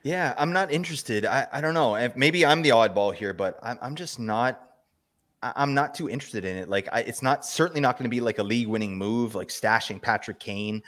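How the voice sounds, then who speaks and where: A man's voice: medium pitch, fairly quick. Playful, bantering male co-host. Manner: playful, animated banter with stammered restarts. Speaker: podcast co-host. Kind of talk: casual podcast banter.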